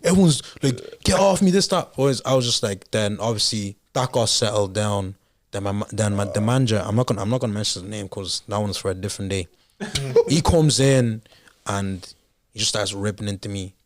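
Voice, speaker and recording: A man's voice: lowish voice, fairly quick. A young man from Ireland with a Dublin accent, a podcast guest telling a story in casual chat and acting out the dialogue. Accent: Dublin Irish. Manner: anecdotal storytelling, acts out dialogue.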